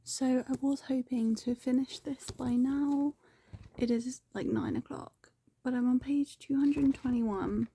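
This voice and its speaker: Husky, creaky-voiced woman book vlogger. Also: sits high, lively intonation, measured pace, warm tone. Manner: chatty and rambling, with frequent "like". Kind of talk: casual vlog chat.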